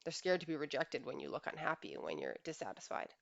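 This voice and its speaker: A woman's voice: low voice, sing-song, fast talker, gravelly, no room sound, muffled recording. A woman relationship coach giving an earnest reflective monologue, often sighing. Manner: earnest, with frequent sighs.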